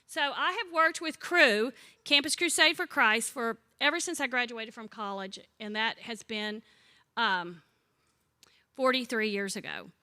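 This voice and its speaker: A woman's voice: on the high side, unhurried. A woman in her sixties leading a church Bible study, teaching in a chatty way with funny stories and questions to the group. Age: 60s. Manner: chatty, warm-humored storyteller who asks the group questions. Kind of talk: conversational teaching with humorous stories.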